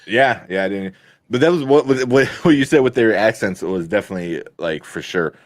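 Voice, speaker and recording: A man co-hosting a podcast, chatting about a movie in a rambling, animated way with lots of fillers. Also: lowish voice, normal speed, no room sound, studio quality. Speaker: podcast co-host. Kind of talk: casual movie review chat.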